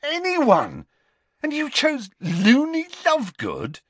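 A man voicing a sulky teenage boy who protests and mutters indignantly, pitched higher than his own voice. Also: wildly swooping pitch, normal speed, sharp tone, no room sound, heavily acted.

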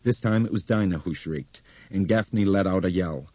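Male narrator with a deep, husky, dark voice and a steady reading, on a dry, dull recording. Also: moderate pace, no room sound. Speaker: audiobook narrator. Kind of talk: scripted narration. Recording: dry, dull close-mic audio.

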